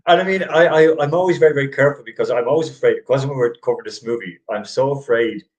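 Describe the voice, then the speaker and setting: A man's voice: medium pitch, quick pace, poor audio. A middle-aged man hosting a casual sports chat show, rambling with frequent restarts and easy laughter. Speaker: host.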